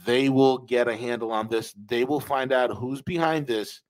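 Male podcast host, emphatic opinion commentary, repeats his points, mid pitch. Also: steady tone, normal speed, low-quality recording. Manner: emphatic, repeats phrases, addresses listeners as folks.

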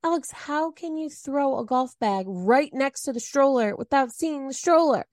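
A woman's voice: high voice, normal speed, dry recording. Woman on a podcast venting about her weekend, acts out every line, dry close mic. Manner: animated storytelling, acts out quotes. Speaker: podcast co-host. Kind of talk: casual chat.

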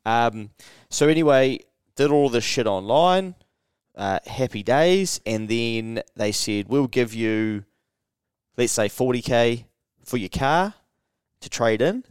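A man's voice: mid-range voice, animated, slow pace, clean tone, no echo, studio quality. A young man with a New Zealand accent, casually telling a story on a podcast, swearing freely and acting out quotes with jumps in his voice. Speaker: podcast co-host.

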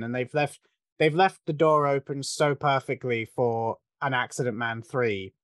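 A man's voice: mid-range voice, steady tone, unhurried, a bit bright, no room sound, studio quality. A man co-hosting a podcast, talking films through in a thoughtful, analytical way with frequent restarts. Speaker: podcast co-host discussing a film. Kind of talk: casual film discussion.

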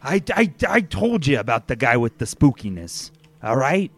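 A man's voice: mid-range voice, big pitch swings, normal speed, a bit bright, soft background music. A man voicing two small foul-mouthed goblins hiding in a human suit, snarling threats and squabbling with each other.

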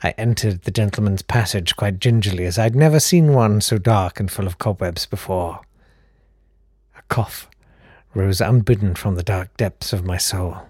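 A man with a British accent reading a comic story aloud in a deadpan, mock-grand narrating manner. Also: on the low side, moderate pace, slightly rough, no room sound, studio quality.

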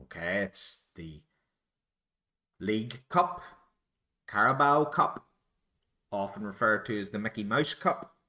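A Northern Irish man talks through a solo podcast in a rambling, self-deprecating way, wandering from one thought to the next. His voice sits a little low and sounds bright and forceful. He speaks very slowly, taking his time. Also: animated. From Northern Ireland. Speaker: podcast host. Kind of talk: solo musing podcast monologue.

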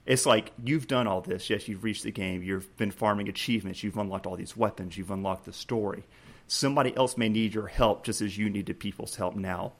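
Laughing until he's choked up, a podcast co-host recounts a scene from a game in a lively way, with many restarts and acted-out prompts. His lowish voice moves briskly on this casual gaming show.

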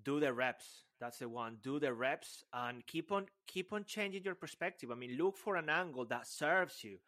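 A man's voice: on the high side, lively intonation, moderate pace, pushed and bright. A man co-hosting a podcast, effusive and playful, heaping praise on his guest. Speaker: podcast co-host. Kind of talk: casual podcast chat.

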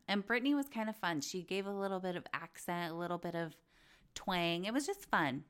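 A woman's voice: lowish voice, lively intonation, fairly quick, fairly bright tone, clear, resonant tone. A woman hosting a podcast, chatting casually about reality TV gossip, blunt and full of swearing. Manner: chatty, blunt, swears freely, acts out quotes. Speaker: podcast host.

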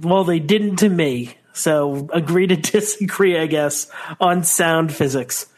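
A man in his thirties with a fairly high voice trades jokes through a casual wrestling chat. He is playful and keeps slipping into silly put-on accents. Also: slow. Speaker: podcast co-host.

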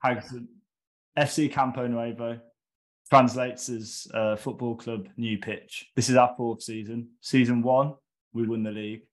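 A man on a podcast telling a comic football story, lively, with loud high-pitched bursts when quoting others. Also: measured pace. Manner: animated, shouts quoted lines in a high voice. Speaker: guest storyteller.

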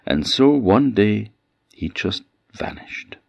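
A man with an Orcadian accent telling a traditional folktale with lively, dramatic delivery. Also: fairly low pitch, slow, gravelly, no echo, lo-fi sound. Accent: Orcadian Scots. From Orkney Islands. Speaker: traditional storyteller.

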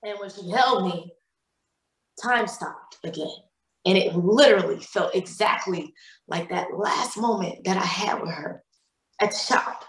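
Woman guest, mid pitch, emotional storyteller who quotes every voice, echoey recording. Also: measured pace. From Cleveland, Ohio. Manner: emotional retelling with many repeated words and quoted dialogue. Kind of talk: personal storytelling in a podcast interview.

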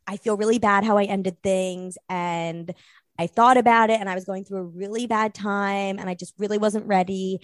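Casting: young woman, rambling storyteller, mid pitch, dry close sound. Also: steady tone, normal speed, no echo. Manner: rambling storyteller, acts out quotes. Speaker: podcast guest. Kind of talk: casual chat.

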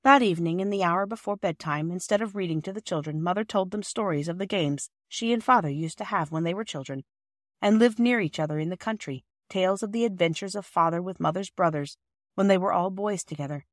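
A woman narrating a classic children's novel aloud, reading in a measured, expressive way. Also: on the low side, no room sound, clean studio sound. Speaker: audiobook narrator. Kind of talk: scripted storybook narration.

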